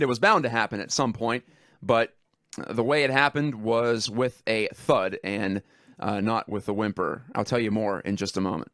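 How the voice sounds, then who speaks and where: A man's voice: fairly low pitch, fairly even intonation, moderate pace, fairly bright tone, no room sound, clean studio sound. A man hosting a radio talk show, rambling in a conversational way and laughing at himself. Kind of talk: casual radio talk monologue. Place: radio studio.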